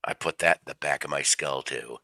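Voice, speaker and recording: Very deep, forceful man with a cold. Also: a little fast, no room sound. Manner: rambling storyteller, jokey asides. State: fighting a cold. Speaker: livestream host. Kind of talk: casual rambling chat. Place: home room with his cat.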